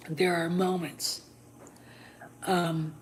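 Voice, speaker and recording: Blunt, animated woman host, low-pitched. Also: drawn-out words, a little hiss or hum, low-quality recording. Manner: animated, blunt, swears freely, many fillers. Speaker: podcast host. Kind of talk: opinionated solo talk.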